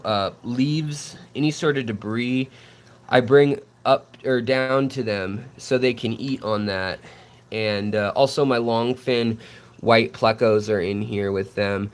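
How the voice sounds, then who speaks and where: A man hosting a casual home vlog, showing his aquariums indoors, talking in a relaxed, rambling way with lots of fillers and restarts, keen on his fish. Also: medium pitch. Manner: enthusiastic about the fish. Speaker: fishkeeping channel host. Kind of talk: casual vlog tank tour.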